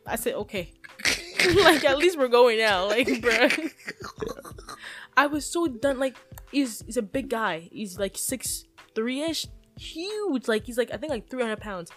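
A woman co-hosting a casual podcast among friends, telling a story with lots of swearing and acted-out shouting. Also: a little high, slow, faint music behind. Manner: animated storyteller, swears freely, acts out shouting. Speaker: podcast co-host.

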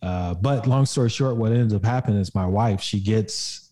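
A man's voice: on the low side, normal speed, dark tone. A young adult man, a podcast guest and fitness coach, telling a personal story in a casual way, with lots of fillers and some swearing.

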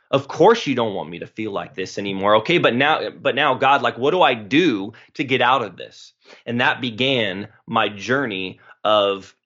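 A man's voice: fairly low pitch, fairly bright tone. A man in his late twenties telling his personal story as a podcast guest, earnest and emotional, with phrases tumbling over each other. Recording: dull lo-fi recording.

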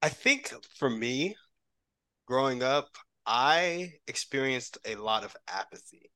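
A man talking reflectively as a podcast guest, hesitant and often pausing to search for words. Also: mid-range voice, lively intonation, pushed and bright, no echo. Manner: reflective and hesitant, many fillers. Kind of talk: casual podcast conversation.

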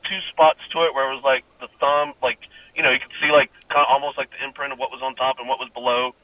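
A man's voice: mid-range voice, flat delivery, fast talker. A young adult man calling in to tell a personal ghost story, rambling and swearing casually, laughing often. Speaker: caller. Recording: muffled phone-line call with faint hiss.

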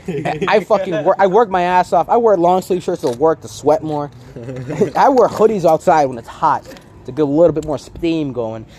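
Telling a story among friends at a moderate pace, a young man with a fairly high voice keeps laughing and performs his friends' lines in an animated, casual way.

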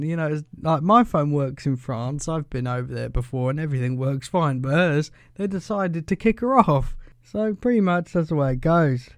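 A man's voice: fairly high pitch, normal speed, no room sound. A man hosting a casual solo podcast. He rambles in a chatty way, keeps saying "pretty much", and chuckles as he goes. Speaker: podcast host.

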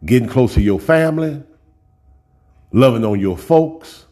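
A man's voice: mid-range voice, animated, unhurried, warm tone. A man preaching a sermon in a folksy, direct way, often repeating words as he builds up a point.

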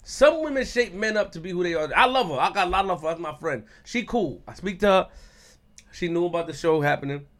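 A man's voice: sits high, lively intonation, fast talker, fairly bright tone. A thirty-year-old man hosting a podcast in casual chat, brash and teasing, swearing freely. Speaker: podcast host.

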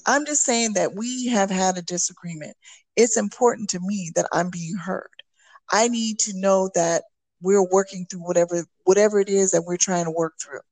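A woman co-hosting a podcast, talking reflectively in a halting way with many restarts. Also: medium pitch, darkish tone. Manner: reflective, halting, many restarts and "you know what I'm saying". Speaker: podcast co-host. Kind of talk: candid casual chat.

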